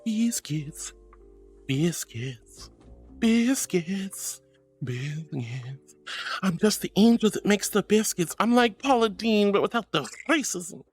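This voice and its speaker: A woman's voice: medium pitch, normal speed, hardly any pauses. A young woman streamer chatting playfully with her viewers, giggling often, with faint music behind her. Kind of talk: casual live-stream chat.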